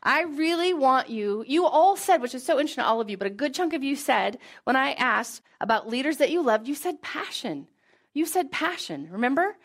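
A woman with a somewhat high voice gives a motivational talk as a host. She is energetic and emphatic, leaning on repeated phrases. Her tone stays casual and she swears lightly. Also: fairly quick, few pauses. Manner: casual, peppered with mild swearing. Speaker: podcast host and business leader.

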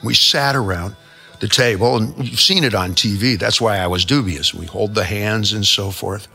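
A man's voice: on the low side, normal speed, vocal fry, pushed and bright, husky, faint music behind. A male show host telling rambling comic stories in a brash, profane way. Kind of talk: comic storytelling monologue.

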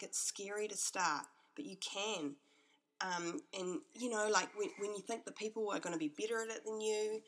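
A woman's voice: medium pitch, fairly bright tone. A woman hosting her own podcast from her home kitchen, talking candidly and heartfelt, rambling with lots of "like.". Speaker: podcast host. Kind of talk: candid personal monologue. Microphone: podcast microphone.

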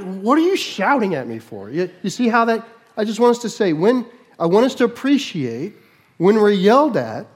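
Animated man preaching a sermon. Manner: animated, shifts between loud mock shouts and low asides. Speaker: pastor.

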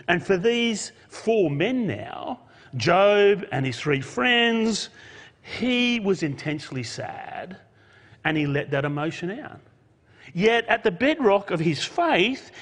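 A man's voice: high voice, a bit bright. A man preaching a sermon in an earnest way, asking rhetorical questions and pressing his points with emphasis. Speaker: pastor. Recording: long hall reverb.

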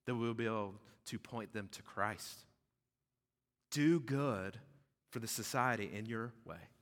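A man preaching a sermon as pastor, conversational and animated, often checking in with "right?". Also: medium pitch. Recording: echoey hall with long reverb.

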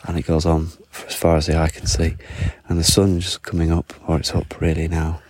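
A man's voice: a bass voice, monotone, a little fast, a little mellow, dry recording, poor audio. A man chatting away in a rambling, self-mocking podcast monologue as he walks along an island beach. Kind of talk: casual walking podcast monologue. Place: outdoors on a foggy island beach. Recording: outdoor water noise. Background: lapping water.

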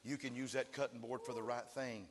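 A man preaching a sermon, emphatic and building to shouted cries. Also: medium pitch, little pitch movement, a little fast, in a large hall, a crowd in the background. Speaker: pastor.

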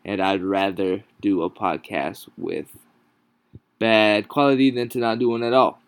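A man hosting a podcast from home without a proper microphone, exhausted and yawning, talking haltingly with many pauses and restarts. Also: lowish voice, steady tone, clear, resonant tone, no echo. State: exhausted, sleep-deprived. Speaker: podcast host. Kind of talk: casual solo podcast talk. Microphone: no proper microphone, home recording.

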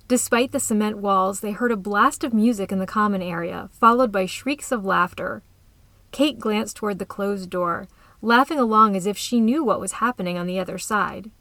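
Woman story reader, calm and even delivery, dry close recording. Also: medium pitch, normal speed, no echo. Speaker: narrator. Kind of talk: scripted story narration.

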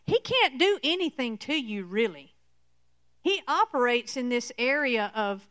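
Woman preacher, fairly high, smooth voice, slow and emphatic, dry close sound. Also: very animated, a bit bright, no room sound. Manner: slow, emphatic, repeats "okay?" to the listener. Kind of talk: sermon teaching.

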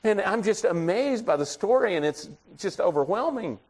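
A man's voice: high voice, lively intonation, normal speed, a little mellow, slightly rough. A middle-aged man preaching a sermon in a conversational way, telling folksy stories from his own life. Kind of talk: storytelling sermon.

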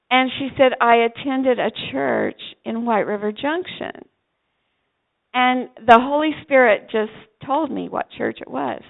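An older woman tells her story with gusto, leaping up in pitch as she acts out each exchange. Her voice is fairly high with a heavy gravelly fry. The sound is thin and tinny, like a phone line. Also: measured pace. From Vermont. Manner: animated storyteller acting out dialogue. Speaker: pastor's wife telling a story. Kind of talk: storytelling testimony.

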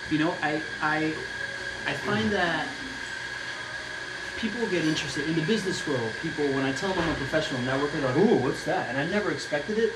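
A man's voice: on the high side, brisk. A man speaking as a guest on a casual podcast in a coffee shop, enthusiastic and playful. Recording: echoey coffee shop with loud background noise. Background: coffee shop chatter.

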